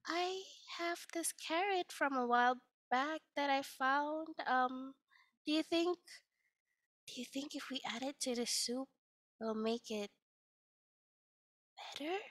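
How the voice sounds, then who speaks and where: Timid, curious village folk, acted by a woman storyteller, asking things in a raised, halting voice full of pauses and ums. They sound shy and unsure. The sound is close and dry. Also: high voice, fairly bright tone, no room sound, pitched above the performer's own voice. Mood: hesitant.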